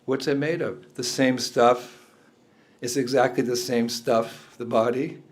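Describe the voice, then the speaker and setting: A man's voice: mid-range voice, steady tone, measured pace. An older man, a spiritual teacher, giving a talk indoors to a room of listeners, chuckling often and asking them questions.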